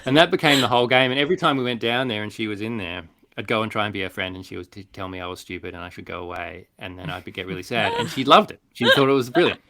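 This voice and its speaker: An Australian man with a low, gravelly voice, chatting casually as a podcast guest. He tells stories with animated energy, popping into the voices of the people in them. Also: rapid-fire, few pauses. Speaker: podcast guest, clown doctor and performer. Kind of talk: casual conversational storytelling.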